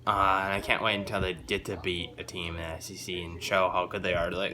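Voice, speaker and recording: A young man ranting about football to camera in an excitable, rambling, opinionated way. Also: deep voice, quick pace, few pauses. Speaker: vlogger. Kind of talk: casual sports rant to camera.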